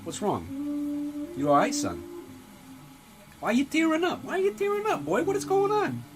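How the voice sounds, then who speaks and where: A man playing a gruff, foul-mouthed, middle-aged mob-style father in a comedy sketch. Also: very high-pitched, huge pitch swings, moderate pace, heavily acted, low-quality recording. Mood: prodding. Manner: swaggering, profane, tough-guy drawl. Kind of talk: comedy sketch character acting. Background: music playing.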